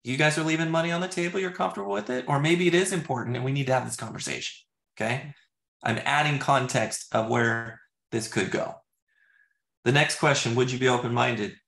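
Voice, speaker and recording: Gravelly man coaching in a roomy space. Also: medium pitch, brisk, fairly bright tone. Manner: loose, filler-heavy, rehearses sales questions aloud. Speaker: real estate agent and trainer. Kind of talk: casual teaching talk. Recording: roomy echo.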